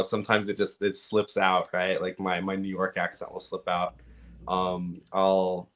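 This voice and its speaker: A man with a Californian accent, a podcast guest calmly explaining things at length in casual conversation. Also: low-pitched, a little slow. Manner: relaxed, explanatory, giving advice at length. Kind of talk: casual interview chat.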